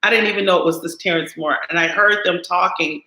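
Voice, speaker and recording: A woman co-hosting a casual chat, telling a story with animated acted-out quotes. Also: fairly low pitch, quick pace. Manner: animated, acts out quoted lines. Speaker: co-host. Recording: roomy echo.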